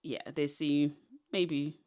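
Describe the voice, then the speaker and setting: On a muffled recording, a young adult Zimbabwean woman speaks slowly in a low, steady, slightly mellow voice. As a podcast guest in a casual interview, she tells rambling, tangential stories and laughs a lot.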